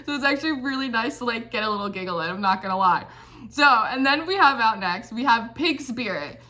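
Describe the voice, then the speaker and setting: A woman's voice: on the high side, lively intonation, fairly quick, bright, forceful tone. A woman giving a casual, chatty tarot reading, peppering her talk with "like" and giggling. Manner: chatty, says like constantly, giggly. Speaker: tarot reader.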